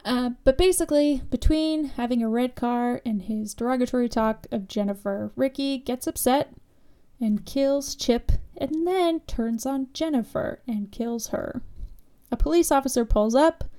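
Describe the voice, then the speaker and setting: A woman's voice: high voice, measured pace, dark tone. A woman co-hosting a podcast, casually and sarcastically recapping a horror movie with lots of fillers. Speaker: podcast co-host.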